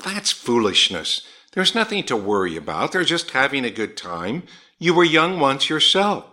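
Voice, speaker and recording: A man voicing a brisk, reassuring middle-aged mother, his voice pitched well above his own. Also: big pitch swings, sharp tone.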